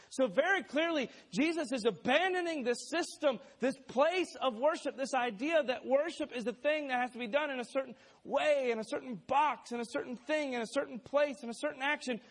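A man's voice: very high voice, normal speed, few pauses. A man preaching a sermon in an emphatic way, laying out numbered points and quoting scripture aloud.

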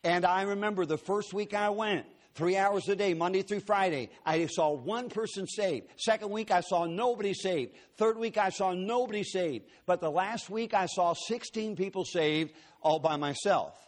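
A man's voice: sits high, moderate pace, hardly any pauses. A man preaching a sermon to a church congregation, telling personal stories with folksy, joking asides. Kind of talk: sermon with storytelling.

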